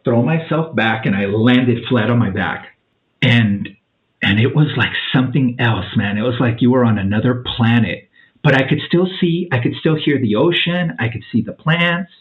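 Forties male guest: chatty, acts out every quote, drops "dude" often; tinny phone-quality audio. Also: mid-range voice. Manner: animated storyteller, acts out quotes, says "man" and "dude" a lot. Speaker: podcast guest. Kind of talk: casual storytelling.

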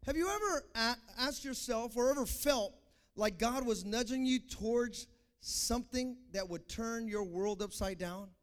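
A young man preaching a sermon, swinging from fervent shouted calls to the congregation to quiet, confessional stories. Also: very high voice, measured pace. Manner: impassioned, builds to shouting, then quiet and confessional.

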